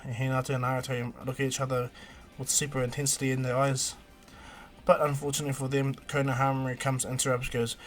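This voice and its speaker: A male streamer narrates a fan fiction story in a rambling, animated way, restarting sentences as he goes. His voice sits in an ordinary mid pitch for a man. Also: fairly quick.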